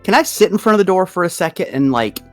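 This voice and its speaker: Male tabletop player, mid-pitched, easygoing, describes his character's moves, faint music behind. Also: lively intonation, fast talker. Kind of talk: casual tabletop play.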